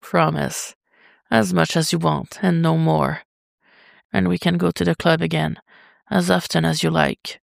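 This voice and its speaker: A dominant male lover who murmurs low, dark one moment and soothing the next, as the reader puts him on. His voice is deeply gravelly and unhurried. It sits dry and close. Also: fairly even intonation, no echo. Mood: gentle.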